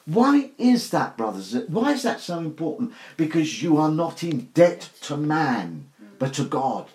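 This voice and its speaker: A man's voice: a little high, big pitch swings, measured pace, darkish tone. An older man preaching an informal sermon to a small group, earnest and emphatic, asking rhetorical questions. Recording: roomy echo.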